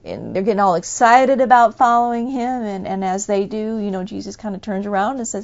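A woman preaching a sermon in a fervent, emphatic way, breaking into loud bursts. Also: medium pitch, lively intonation, a little fast, creaky, hardly any pauses, highs cut off.

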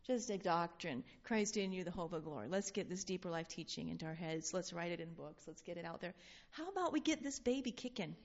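Animated woman teaching the Bible, lo-fi. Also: lowish voice, a little fast. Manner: animated, laughing often, reading scripture aloud. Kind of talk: informal Bible study teaching. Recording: dull lo-fi sound.

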